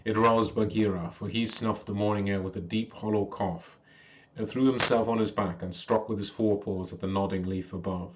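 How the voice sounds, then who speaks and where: A man reads a classic story aloud in a slow, measured way, chanting its verse passages. His voice sits low, and the recording is dull and lo-fi. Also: fairly even intonation, slight background noise.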